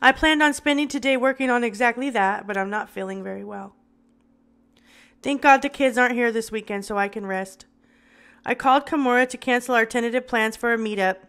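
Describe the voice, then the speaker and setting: A woman's voice: on the high side, brisk, fairly bright tone, clean tone. A woman reading a memoir aloud in the first person, dramatic and with occasional stumbles. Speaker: reader.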